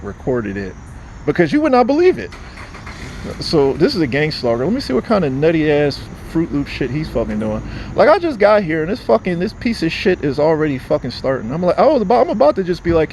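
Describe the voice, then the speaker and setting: Agitated, lively-pitched male vlogger. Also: slight background noise. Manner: agitated, profane, repetitive. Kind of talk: casual rambling monologue.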